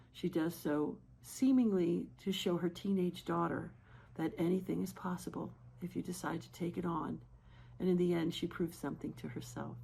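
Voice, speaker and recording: Low, gravelly woman introducing a script. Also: dark tone. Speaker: screenwriter introducing a table read. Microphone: video call.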